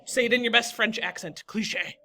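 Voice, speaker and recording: A woman's voice: fairly high pitch, very animated, normal speed, pushed and bright. A young woman teaching a classroom lesson, encouraging and talking to students by name.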